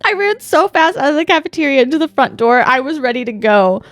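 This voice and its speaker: A woman's voice: high-pitched, big pitch swings, fast talker, fairly bright tone, no room sound. A young woman co-hosting a podcast, reading a listener's ghost story aloud in a dramatic storytelling manner. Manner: dramatic storytelling, reacts with gasps and laughs. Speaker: podcast co-host.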